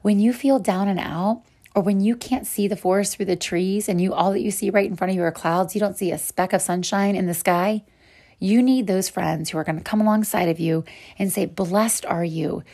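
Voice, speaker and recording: A woman's voice: medium pitch, a little fast, dark tone. A woman hosting a podcast and teaching a Bible devotional, speaking in an earnest, encouraging way to her listeners as sisters.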